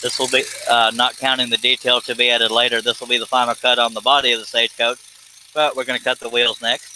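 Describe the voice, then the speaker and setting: A man's voice: medium pitch, little pitch movement, quick pace, bright, forceful tone, a little hiss or hum, rough recording. A man hosting a casual woodworking livestream, joking around and reading viewer comments aloud while he cuts. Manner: jokey, folksy, reads chat comments aloud. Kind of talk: casual livestream chat while scroll-saw cutting. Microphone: headphones with computer mic.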